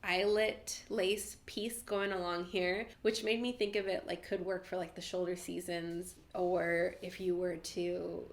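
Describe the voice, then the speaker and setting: A woman's voice: on the low side, little pitch movement, a little slow, few pauses. Young woman host, congested and nasal from a cold, casual and upbeat, with lots of filler "like"s. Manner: chatty, enthusiastic, many fillers of "like". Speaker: knitting podcast host. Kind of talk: casual pattern round-up talk.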